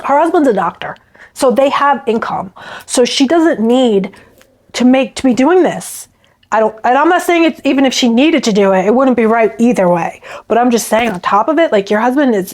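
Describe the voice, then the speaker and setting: A woman vlogger chatting to camera, indignant and talkative, often restarting her sentences. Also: on the high side. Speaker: beauty vlogger reacting to stories. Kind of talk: casual chat to camera.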